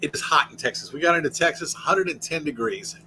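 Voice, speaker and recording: A man's voice: on the high side, a little fast, sharp tone, slight background noise, rough recording. Rambling American man hosting a livestream. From United States. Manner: rambling, reads and answers chat aloud. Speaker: livestream host. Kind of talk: casual livestream chat. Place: inside an RV.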